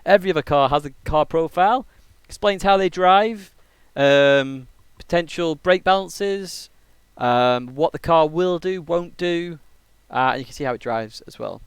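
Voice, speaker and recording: A man's voice: a little high, unhurried, clean tone, dry recording. A man from England, a casual and jokey game streamer, chatting on a live stream and rambling with many fillers.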